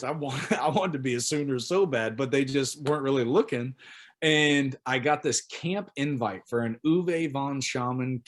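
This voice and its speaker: A man from Oklahoma, a pro football punter, telling a lively story as a podcast guest and acting out the voices of people he quotes. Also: mid-range voice. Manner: animated, acts out quotes of others. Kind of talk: casual storytelling interview.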